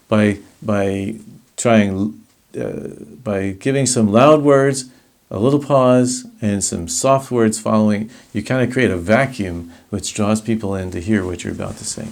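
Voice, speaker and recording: A middle-aged man giving a recorded lesson on public speaking, talking in a lowish voice. He explains each point patiently and acts out sample lines to show how delivery changes them. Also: unhurried. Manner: explanatory, with demonstrations of varied delivery. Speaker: teacher.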